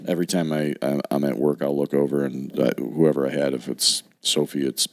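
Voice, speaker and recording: Very deep, gravelly-voiced man. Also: fairly even intonation, a little fast. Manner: dry, laid-back interjections. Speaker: podcast co-host. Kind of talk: casual chat.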